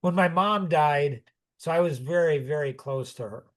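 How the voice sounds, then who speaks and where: Reflective man in his sixties, slightly high voice. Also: normal speed. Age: 60s. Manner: rambling, reflective, with frequent restarts and chuckles. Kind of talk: personal storytelling in conversation.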